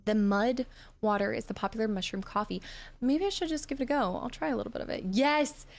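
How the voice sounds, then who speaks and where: A woman's voice: on the high side, a little fast. A woman streaming a video game, chatting casually with her viewers and answering their comments as she plays. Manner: chatty, reads and answers chat, animated. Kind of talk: casual live-stream chat while gaming.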